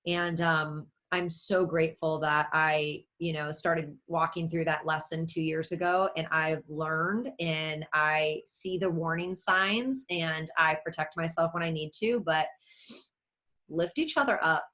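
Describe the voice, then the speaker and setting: Animated woman giving an emphatic pep talk. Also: low-pitched, a little slow. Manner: animated and emphatic, acts out quotes, laughs. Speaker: network marketing leader speaking as a guest. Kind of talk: motivational talk on a video call. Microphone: video call.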